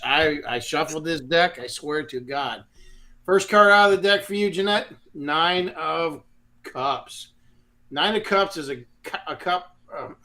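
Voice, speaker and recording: Man, slightly high voice, laid-back live tarot reading. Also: fairly bright tone. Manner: chatty, laid-back, with frequent restarts. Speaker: tarot reader.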